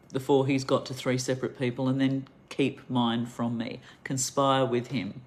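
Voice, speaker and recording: A middle-aged Australian woman giving an angry, impassioned monologue straight to camera, ranting with heavy emphasis. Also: extremely low pitch. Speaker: vlogger.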